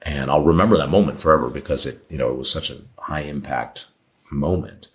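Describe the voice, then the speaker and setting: A man's voice: very deep voice, a little fast, a bit bright. A man in his thirties, a podcast guest, telling a personal story in a candid, rambling way with many fillers and restarts. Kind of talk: storytelling in casual conversation.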